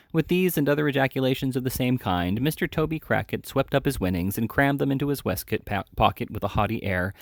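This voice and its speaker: A man reading a classic novel aloud at a steady pace, now and then correcting a slip. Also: mid-range voice, no echo, studio quality. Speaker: audiobook reader.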